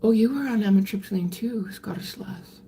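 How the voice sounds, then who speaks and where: An older woman, chatting candidly on a live stream and answering viewer comments in a halting way, often restarting her sentences. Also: mid-range voice, gravelly, dark tone, a little hiss or hum. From Canada. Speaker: livestreamer reading viewer comments. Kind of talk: casual live-stream chat.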